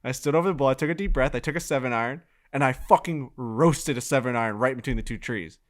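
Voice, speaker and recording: Excitable, profane young podcast co-host. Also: male voice, mid-range voice, fast talker. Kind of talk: casual podcast chat.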